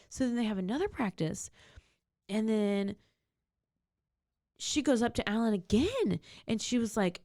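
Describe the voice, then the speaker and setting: Chatty woman podcast host rambling through a crime story, lively up-and-down voice. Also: mid-range voice, moderate pace, pauses often. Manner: animated, rambling, acts out quotes. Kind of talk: casual true-crime storytelling.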